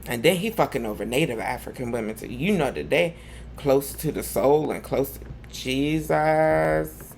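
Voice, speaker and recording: A man's voice: medium pitch, moderate pace, vocal fry, a little mellow, a little hiss or hum. A man hosting a live gossip commentary show, talking in a sassy, campy way full of drawled slang. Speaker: host.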